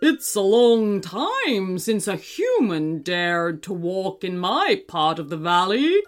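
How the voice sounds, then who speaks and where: A woman voicing a grumpy, hot-headed male dragon who talks slowly and sneers. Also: mid-range voice, big pitch swings, faint music behind. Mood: sneering. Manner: slow, sneering and boastful.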